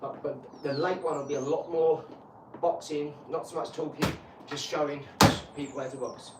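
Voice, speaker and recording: A man's voice: on the high side, steady tone, moderate pace. A man, chatting casually on a live stream during a boxing workout, rambling and swearing freely. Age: 40s. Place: home workout room. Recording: echoey room, distant mic, loud noise.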